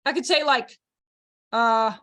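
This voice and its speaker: A young woman with a high voice leads a child care workshop. She jokes with her audience and acts out the voices of the children and adults she quotes. Her talk stays loose and lively from start to finish. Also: takes it slowly. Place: training workshop room.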